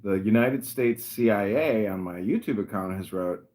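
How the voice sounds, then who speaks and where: A man hosting a casual livestream chat, dry and mocking, rambling and often clearing his throat. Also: on the low side, normal speed, a little mellow. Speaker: podcast host.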